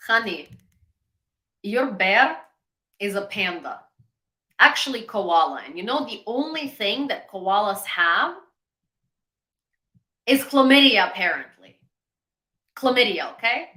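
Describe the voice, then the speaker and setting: A woman's voice: medium pitch, expressive, slow, long pauses, pushed and bright. A woman hosting a livestream news commentary, chatty and sarcastic. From Ukraine. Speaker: host. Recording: echoey room.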